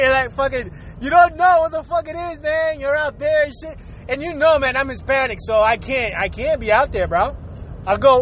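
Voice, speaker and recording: A man's voice: very high-pitched, a bit bright, a little hiss or hum. A man hosting his own podcast, ranting casually with lots of swearing, fillers and frequent laughter. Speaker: podcast host. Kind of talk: casual profane rant.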